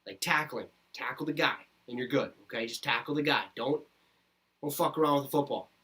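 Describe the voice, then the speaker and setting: A man's voice: mid-range voice, a little fast, bright, forceful tone. A man in his twenties from Minnesota, ranting heatedly about his football team on a podcast. He swears constantly and repeats his points for emphasis. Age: 20s. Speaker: podcast host. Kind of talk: ranting sports commentary.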